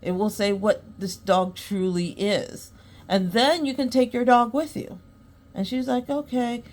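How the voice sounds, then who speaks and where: A woman's voice: mid-range voice, fairly even intonation, unhurried, a little mellow. Woman, podcast host, chatty storytelling, voices both sides of a conversation, earnest advice. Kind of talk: casual storytelling monologue.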